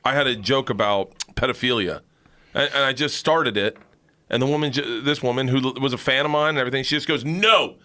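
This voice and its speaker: Fast-talking man with a bright voice. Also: mid-range voice, steady tone. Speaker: stand-up comedian on a podcast. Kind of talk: casual podcast chat.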